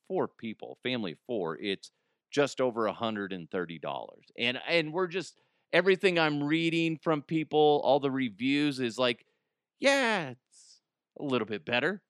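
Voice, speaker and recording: A man's voice: lowish voice, clear, resonant tone, no room sound, clean studio sound. A man hosting a podcast, ranting in a crude, rambling comedic monologue and often laughing. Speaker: podcast host.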